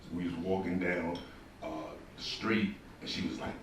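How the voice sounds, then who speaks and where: A man's voice: low voice, normal speed, noisy background. A man from New doing profane stand-up comedy on a club stage. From New York. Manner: animated, profane, bursts into mock shouting. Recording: echoey club from far off, crowd.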